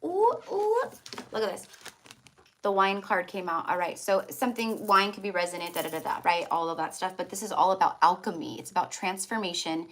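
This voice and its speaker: A woman's voice: fairly low pitch, steady tone, a little fast, fairly bright tone, low-quality recording. A woman reading tarot on a live stream, chatty and affectionate, calling her viewers love and hon. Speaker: tarot reader.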